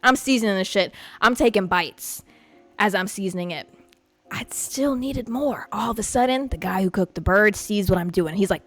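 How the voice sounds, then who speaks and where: A young woman hosts her podcast in a loose, profane rant, her voice sitting a little high. The sound is close and dry, with faint music under it. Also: moderate pace, no room sound. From Puerto Rican family. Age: young adult. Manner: profane, animated, ranting. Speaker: podcast host. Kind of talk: casual storytelling monologue.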